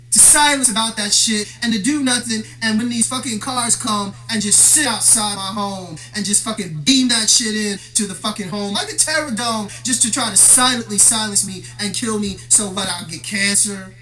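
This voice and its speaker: A man with a bright, cutting tone that never softens, working through a long confrontational rant. He talks straight at the viewer, swearing freely and airing his grievances. Faint music plays somewhere behind him. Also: high-pitched, normal speed. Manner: profane, aggrieved, confrontational. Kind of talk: ranting monologue to camera.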